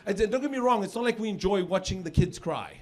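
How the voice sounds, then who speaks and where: Speaking fast in a high-pitched, expressive voice with a darkish tone, a middle-aged man with a South African accent performs chatty stand-up. It's a live comedy club set with audience laughter, and he tends to repeat words as each joke builds.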